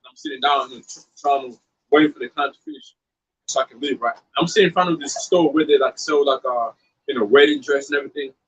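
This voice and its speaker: A man's voice: medium pitch, fast talker, fairly bright tone, breathy edge, low-quality recording. A man preaching in a casual, profane, fired-up way, mixing scripture with blunt storytelling. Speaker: street preacher.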